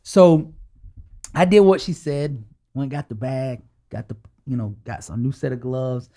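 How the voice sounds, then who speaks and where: A man, a guest in a podcast interview, telling a personal story with animated energy and acting out the dialogue as he goes. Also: medium pitch, measured pace.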